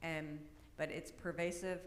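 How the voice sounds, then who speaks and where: A woman's voice: deep voice, flat delivery, measured pace. A middle-aged woman giving an informal workshop presentation, chatty, with frequent "right?" and "um". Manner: chatty, peppers talk with "right?" and "um". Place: large church hall. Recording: echoey hall with long reverb, faint noise.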